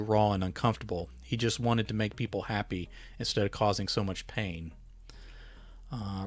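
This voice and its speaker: Low-voiced man reading his story. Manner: relaxed reading with small self-corrections.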